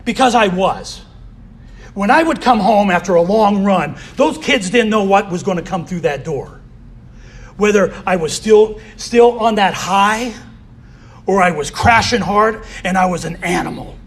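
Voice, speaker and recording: A man's voice: sits high, lively intonation, a little slow, husky. A man giving a candid personal recovery share as a convention speaker, often saying "you know".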